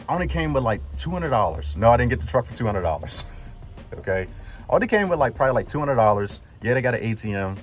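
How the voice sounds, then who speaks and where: A man rambles through a story in a casual vlog, with many fillers and pauses. His voice sits at a middle pitch. Faint music plays behind him. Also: big pitch swings. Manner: rambling, full of "like" fillers, retells dialogue. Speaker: vlogger, truck builder.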